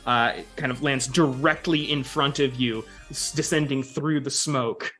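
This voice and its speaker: A man's voice: mid-range voice, fairly even intonation, measured pace, sharp tone, soft background music. A man narrating as game master in a tabletop role-playing game, vivid and filler-heavy.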